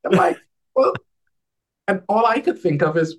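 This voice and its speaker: A man talking casually as a guest on a video call, an advisor who tells animated stories and acts out the dialogue in a lifted voice. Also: sits high, a little slow, long pauses. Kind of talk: casual conversational storytelling.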